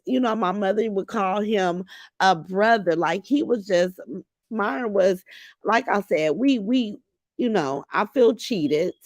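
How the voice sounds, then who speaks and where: A middle-aged woman talks to her livestream viewers, reading their comments aloud and reminiscing with feeling. Her voice has a gravelly, creaky edge, and the sound is close and dry with no room echo. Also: mid-range voice. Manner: emotional, reminiscing, warmly addresses viewers as "y'all". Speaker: livestream host.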